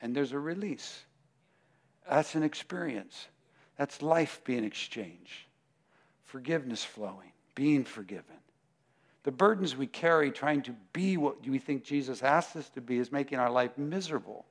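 A man preaching a sermon in a conversational, animated way, often laughing and acting out voices. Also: medium pitch, a little slow.

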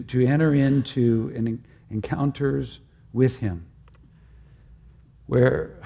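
An older man preaching a sermon in an earnest, halting way, often restarting his phrases. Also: medium pitch, mellow, breathy edge.

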